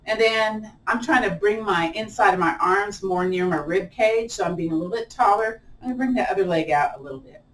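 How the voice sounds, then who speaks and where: A woman yoga instructor with an American twang guiding a chair yoga class, chatty and playful, laughing at her own jokes. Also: on the low side. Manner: chatty and playful, laughs often, self-teasing. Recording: echoey room, distant mic, faint hiss.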